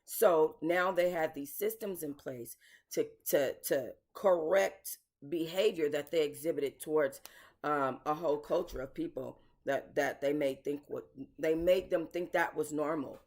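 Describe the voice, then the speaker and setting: Woman, casual commentary host, blunt and emotional, slightly low voice. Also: a little slow, a little mellow. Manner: blunt and emotional, swears, addresses viewers as y'all.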